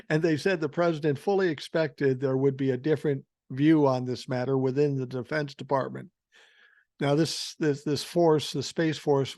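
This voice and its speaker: A man's voice: mid-range voice, a little mellow, no echo, studio quality. An older man hosting a podcast, ranting through political commentary in a profane, sarcastic and mocking way. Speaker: podcast host.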